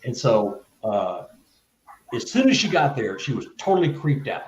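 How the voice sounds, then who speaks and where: A man, a guest author on a live interview, telling personal stories with halting restarts and growing animation. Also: mid-range voice, roomy sound, slight background noise, low-quality recording. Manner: halting, stuttered restarts, animated when retelling events. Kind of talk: casual storytelling in a live interview.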